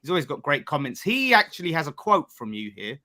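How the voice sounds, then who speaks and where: A man's voice: on the high side, sing-song, fairly quick, bright, forceful tone. A man on a football podcast teasing the others in casual banter. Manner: teasing, needling. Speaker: podcast panelist.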